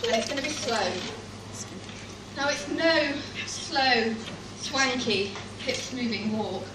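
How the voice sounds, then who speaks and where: A woman with a high voice tells a funny, self-mocking live stand-up testimony. She sounds some way from the mic in an echoey coffee shop, with loud background noise all around her. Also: slow, distant mic. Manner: humorous, self-mocking storytelling. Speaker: stand-up performer. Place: coffee shop performance space.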